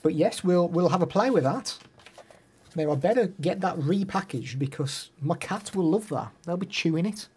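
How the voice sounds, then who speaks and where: A man's voice: sits high, lively intonation, moderate pace, a little mellow, a little hiss or hum. A male streamer chatting casually during a live stream, showing gear and answering viewers, laughing easily.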